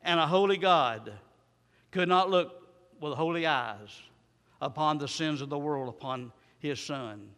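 A male preacher, delivering a sermon with repeated rhetorical questions and dramatic swings from loud to soft. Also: a little high, a little slow. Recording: long hall reverb.

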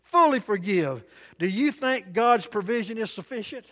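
A man preaching a sermon, telling folksy stories in dialect and shifting between loud and soft delivery. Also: sits high, lively intonation, normal speed. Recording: long hall reverb.

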